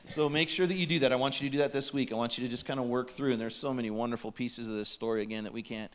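A man's voice: mid-range voice, steady tone, very fast, a bit bright. A man preaching a sermon in a church, earnest and pleading, sometimes dropping to a near whisper. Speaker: pastor. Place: church sanctuary.

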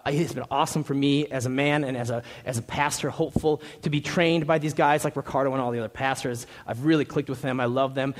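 Joking, conversational young pastor. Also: male voice, medium pitch. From Minnesota. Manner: jokey, conversational, lively. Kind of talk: sermon. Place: church stage.

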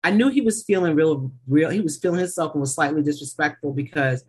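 Husky, blunt New woman. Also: deep voice, lively intonation, fast talker, darkish tone. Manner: blunt, opinionated, swears freely. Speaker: podcast co-host. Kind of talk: casual TV recap chat.

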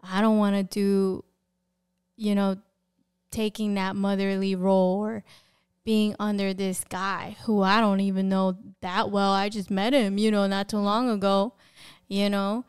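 Woman sharing her faith story on a podcast, super clear smooth voice, open and candid, lots of "you know". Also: mid-range voice, flat delivery, measured pace. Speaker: guest. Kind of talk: personal faith testimony.

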